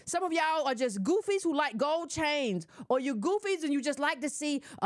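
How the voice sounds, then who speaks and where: A woman's voice: high voice, animated, moderate pace, few pauses, dry recording, clean studio sound. A woman giving casual opinion commentary to her audience, emphatic and scolding, repeating her points in slangy direct address.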